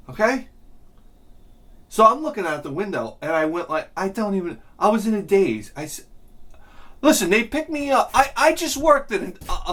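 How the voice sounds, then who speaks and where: A middle-aged man telling a rambling, self-mocking comic story with lots of swearing and loud bursts of laughter. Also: a little high. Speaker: video game collector vlogger.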